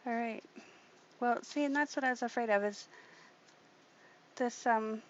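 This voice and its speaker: A woman with a slightly high voice speaks at a measured pace while hosting a casual craft tutorial for her channel. Sitting at a desk in her home craft room, she chats and thinks aloud as she works, and the audio is muffled and lo-fi with background noise.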